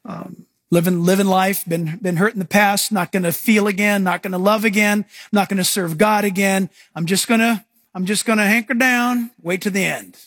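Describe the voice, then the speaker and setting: High-voiced man preaching a sermon. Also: steady tone, moderate pace, fairly bright tone, no room sound, studio quality. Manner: earnest, emphatic preaching with repeated phrases. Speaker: pastor. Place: church.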